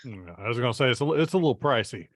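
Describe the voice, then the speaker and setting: A man hosting a casual podcast interview, putting in brief, easygoing questions. His voice sounds dry and close, with no room echo, at a middle pitch. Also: animated, racing. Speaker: podcast host.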